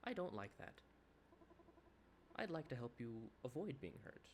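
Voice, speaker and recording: A man voicing a gentle, friendly male AI companion program in an earnest, put-on accent. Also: medium pitch, very animated, unhurried, slight background noise.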